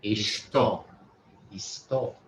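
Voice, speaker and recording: Slow, tentative man repeating words. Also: lowish voice, slight background noise. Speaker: language student. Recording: dull lo-fi sound.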